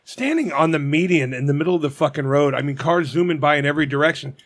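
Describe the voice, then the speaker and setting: A man's voice: fairly high pitch, lively intonation, fast talker, a bit bright. A man with a Cincinnati accent, co-hosting a podcast in a blunt, profane, grumbling way. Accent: Cincinnati, Ohio. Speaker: podcast co-host. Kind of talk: casual chat.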